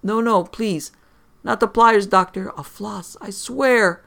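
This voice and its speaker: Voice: medium pitch, fairly even intonation, slow pace, creaky, fairly bright tone, husky, heavily acted. A storyteller voicing a stoned, bumbling middle-aged man who moans and rambles. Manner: moaning, rambling.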